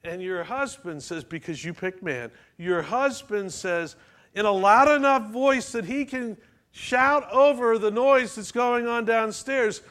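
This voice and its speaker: Unhurried and high-voiced with a fairly bright tone, a man preaches in church. He keeps it conversational, asking the congregation questions as he goes.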